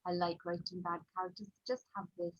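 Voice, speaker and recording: A woman with a Welsh accent, a children's author chatting on a podcast in an animated way, full of fillers. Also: fairly low pitch, a little fast, no echo, dull audio. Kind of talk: casual podcast chat.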